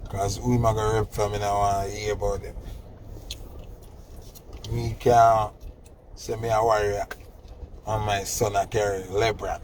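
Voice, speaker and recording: A man's voice: fairly low pitch, darkish tone, slight background noise. A middle-aged man, telling a story in casual chat and teasing his son with laughing mock scolding.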